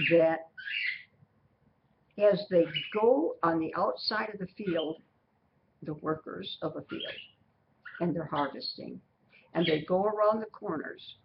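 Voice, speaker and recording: A woman teaching a Bible study lesson, explaining slowly and repeating key phrases. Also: on the low side, creaky. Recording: muffled recording with steady background noise.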